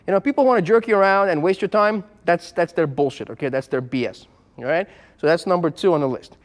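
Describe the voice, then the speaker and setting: A man's voice: on the high side, in a large hall. A man who runs a used car business, talking frankly and bluntly to the camera in a casual vlog and repeating himself as he goes.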